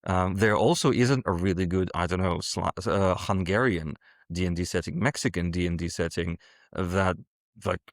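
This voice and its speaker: A man's voice: low-pitched, normal speed, dry recording, studio quality. A man talking as a podcast guest in a casual interview, hesitant and full of fillers and restarts. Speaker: guest, game designer and world builder.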